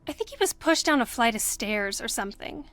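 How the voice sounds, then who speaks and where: A woman's voice: fairly high pitch, very animated, fairly quick, a bit bright, dry recording. An actress playing a chatty, bossy teenage girl school monitor who talks in a breezy, gossipy way in a video game.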